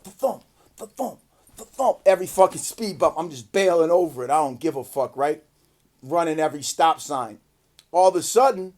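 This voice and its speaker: A man telling a casual, profane story to his viewers, acting out the quotes loudly. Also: sits high. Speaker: vlogger.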